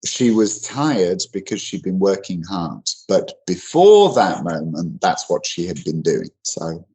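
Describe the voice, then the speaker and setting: A man's voice: sits low, very animated, measured pace, mellow, slightly rough, low-quality recording. A man teaching English grammar in an online lesson, explaining in a loose conversational way with many fillers and restarts.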